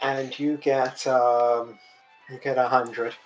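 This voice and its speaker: Guy running a tabletop game, slow and halting, faint music behind. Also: medium pitch, little pitch movement, low-quality recording. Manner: halting, searching for words. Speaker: game master.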